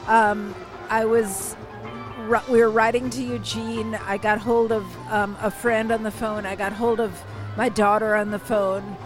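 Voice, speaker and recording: An older woman calmly telling a personal story in a conversational way, with many fillers and restarts. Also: fairly high pitch, low-quality recording.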